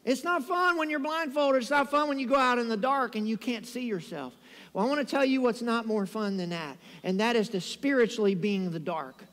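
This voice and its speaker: A man preaching a sermon as pastor, telling lively stories and calling on the congregation to say amen. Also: high-pitched, long reverb tail. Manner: animated storytelling preacher, calls for amens. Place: church sanctuary.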